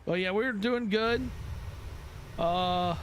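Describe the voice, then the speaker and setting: Man, flight sim streamer, casual rambling chat, self-mocking, slightly high voice. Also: takes it slowly, a bit bright, slight background noise.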